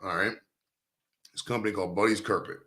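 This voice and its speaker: A man's voice: fairly low pitch, steady tone, fast, pushed and bright, roomy sound. A man hosting a casual stoned chat, rambling at length and swearing, calling everyone dude. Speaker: host. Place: studio.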